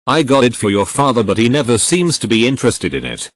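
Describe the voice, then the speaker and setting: A man's voice: medium pitch, sing-song, fast, no echo. A man voicing a pushy, shameless mother in a storybook reading.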